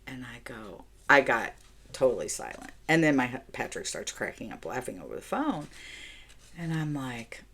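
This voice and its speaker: Chatty low-voiced woman telling a story. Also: normal speed, vocal fry, a little hiss or hum. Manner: chatty, animated storyteller who talks to herself while decorating. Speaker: planner vlogger. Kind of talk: casual storytelling while planning. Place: home.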